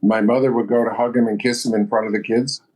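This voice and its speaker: Husky-voiced man in his seventies. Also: mid-range voice, steady tone, fast, a little mellow. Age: 70s. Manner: blunt, matter-of-fact storytelling. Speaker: guest entrepreneur. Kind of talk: podcast interview.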